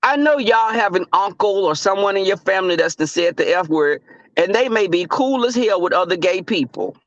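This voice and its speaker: Young male streamer, high voice, animated and profane; dull, dry mic. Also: a little fast, dry recording. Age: young adult. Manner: animated, profane, laughing, calls out chat viewers. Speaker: livestream host. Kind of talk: casual livestream chat with viewers.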